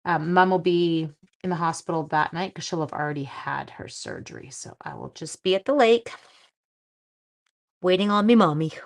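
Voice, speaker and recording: A middle-aged Canadian woman makes cards on a live craft stream, chatting with viewers and thinking aloud as she goes. She speaks at a moderate pace with a fairly low pitch.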